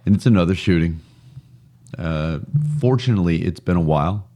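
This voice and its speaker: A man's voice: low-pitched, expressive, normal speed, mellow. A man co-hosting a casual podcast, chatty and joking, often laughing at his own stories. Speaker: podcast co-host.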